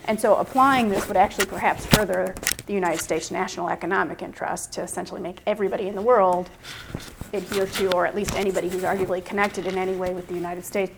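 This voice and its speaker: A woman's voice: lowish voice, creaky, noisy background. A woman in her fifties, a law professor giving a classroom lecture. She questions the class and thinks aloud, with restarts.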